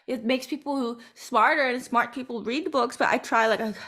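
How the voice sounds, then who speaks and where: A woman's voice: a little high, steady tone, normal speed, fairly bright tone. A woman co-hosting a podcast, from Macau, chatting casually with lots of fillers and laughs. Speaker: podcast co-host. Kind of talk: casual chat.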